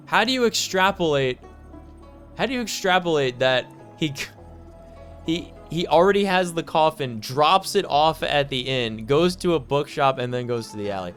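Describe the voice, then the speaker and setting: A mid-pitched streamer voice talks over a story game in a loose, conversational way. The asides are quick and sarcastic, with faint game music in the background. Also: expressive, fairly bright tone. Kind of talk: casual game commentary.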